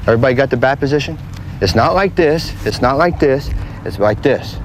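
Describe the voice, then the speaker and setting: Man, baseball coach, outdoor field, plain repetitive instructions, faint hiss of old tape. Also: mid-range voice. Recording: faint background noise from a 1980s tape.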